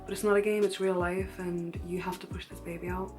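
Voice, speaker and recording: A woman's voice: on the low side, a little fast, faint music behind. Candid young woman telling a story. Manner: candid, animated retelling with frequent fillers. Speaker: vlogger. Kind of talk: casual storytelling vlog.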